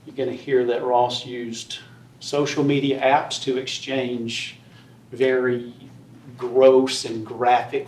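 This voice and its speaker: A man argues to a jury in a courtroom, pressing his points by repetition. The audio is roomy and picked up from a distance, with faint room noise behind him. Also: medium pitch. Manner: forceful, repetitive persuasion. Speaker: defense attorney. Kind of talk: courtroom closing argument.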